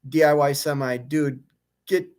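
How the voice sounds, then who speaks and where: A man's voice: fairly high pitch, a little slow, a little mellow, clear, resonant tone. Fed-up trucker man venting on a live stream. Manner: frustrated, fired up, venting with many restarts. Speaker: owner-operator truck driver streaming live. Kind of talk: live stream rant and chat reading. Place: hotel room.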